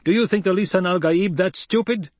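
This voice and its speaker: A man voicing a young desert leader who speaks forcefully to a crowd, raised and commanding. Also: sits high, expressive, moderate pace, dry recording, voice pushed up.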